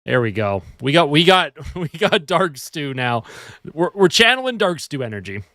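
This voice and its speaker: A man's voice: fairly high pitch, sing-song, normal speed, bright, forceful tone, no room sound, studio quality. A man hosting a casual live fan stream, chatting and answering viewer comments while sleepy and yawning at home. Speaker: livestream host.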